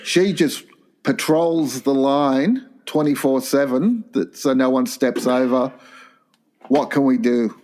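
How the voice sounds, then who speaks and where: A man's voice: mid-range voice, fairly even intonation, slow, darkish tone. A man co-hosting a comedy podcast, crude and rambling as he reads out listener letters. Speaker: podcast co-host. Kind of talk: casual comedy chat.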